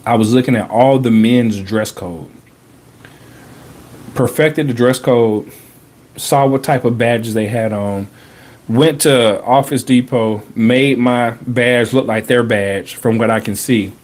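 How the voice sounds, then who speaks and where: A man hosting a podcast, telling a personal story in a casual, animated way, full of slang and repeated phrases for emphasis. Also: medium pitch, slow. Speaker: podcast host.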